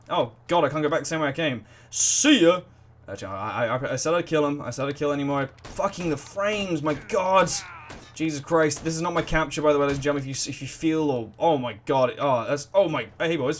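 A man giving excitable, rambling let's play commentary full of swearing and reactions to the game. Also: fairly high pitch, fast. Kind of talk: gaming commentary.

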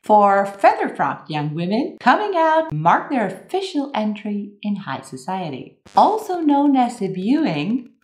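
A woman teacher giving a playful English vocabulary lesson, moving between bright exclamations and hushed asides. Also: medium pitch, sing-song, measured pace, few pauses, echoey room.

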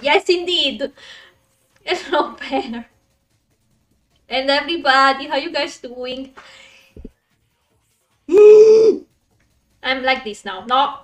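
A woman streamer chatting casually with her viewers while she plays, excitable, laughing often and swearing when frustrated. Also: high voice, takes it slowly, pauses often, far from the mic, faint music behind. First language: Italian. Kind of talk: casual live-stream chat while gaming.

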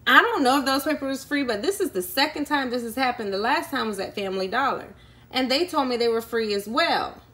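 Her voice sits high, sharp in tone, with lively intonation and a fairly quick pace. She's a YouTube vlogger chatting casually at home through a long story, full of ums, acting out the people she met.

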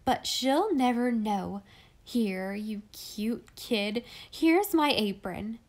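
Woman doing a giggly young gal, playful and slow, storybook read-aloud. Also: fairly high pitch, darkish tone. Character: lively young woman, high-spirited and teasing.

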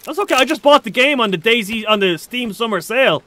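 A man streaming a survival game, chatting casually and excitably, with frequent swearing. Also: extremely high pitch, quick pace, dry recording. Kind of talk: casual live-stream commentary.

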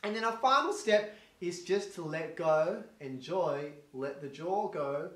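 A man teaching a singing lesson in a quick, chatty coaching manner, demonstrating with vocal sounds. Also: a little high, lively intonation, fairly bright tone. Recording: roomy echo, faint guitar behind.

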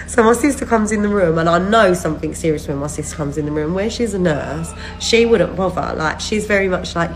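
Rambling woman, low-pitched and worn out. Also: expressive, fast, few pauses, slight background noise, rough recording. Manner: rambling, chatty, laughs often mid-sentence. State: worn out from recent illness. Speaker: vlogger updating followers. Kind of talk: casual chat to camera.

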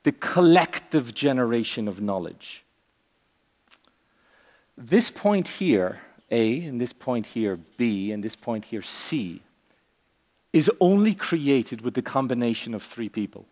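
A man giving a conference keynote speech on a stage, with a theatrical, varied delivery, long pauses and punchy asides. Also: mid-range voice, expressive, darkish tone, in a large hall. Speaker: keynote speaker.

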